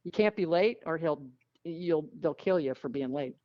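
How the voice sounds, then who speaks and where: A woman guest telling frank, lively stories in a casual interview. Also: sits low, normal speed, no echo. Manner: animated, frank storyteller who acts out quotes. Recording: dull lo-fi dry sound.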